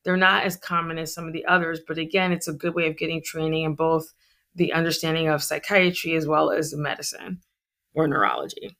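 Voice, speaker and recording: A woman's voice: sits low, little pitch movement, brisk, a bit bright. A middle-aged woman, a physician guest, talking in a chatty, joking, conversational way. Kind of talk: conversational interview.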